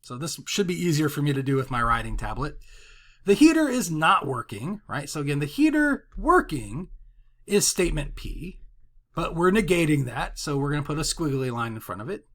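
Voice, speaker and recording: A man's voice: on the high side, big pitch swings, normal speed, fairly bright tone. A man teaching a college math lesson in a conversational way, using everyday examples and often checking in with "right?". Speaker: math instructor. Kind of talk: recorded lecture with writing tablet.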